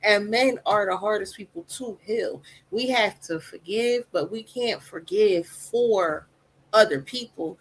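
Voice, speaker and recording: A woman with a soft voice, a podcast guest talking candidly and personally in casual conversation. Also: medium pitch, unhurried, slight background noise, rough recording.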